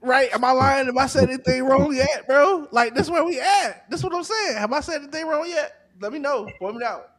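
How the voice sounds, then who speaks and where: A man's voice: extremely high pitch, a little fast, few pauses, fairly bright tone. A man co-hosting a podcast in casual chat, ranting emphatically with rising rhetorical questions. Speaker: podcast co-host.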